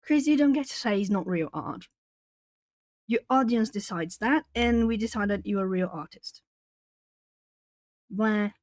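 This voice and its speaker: A woman's voice: medium pitch, a little slow, long pauses, darkish tone, dry recording. A woman from Brazil chatting casually on a live art stream, laughing often and answering viewers' comments as she colours. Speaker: artist streamer.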